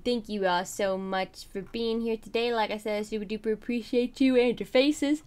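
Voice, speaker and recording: A woman's voice: on the high side, steady tone, normal speed, a little mellow, clean tone. A young woman streaming a game, chatting casually and bubbly while tired and hiccuping, sometimes mumbling to herself. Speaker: livestreamer. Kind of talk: casual live stream chat.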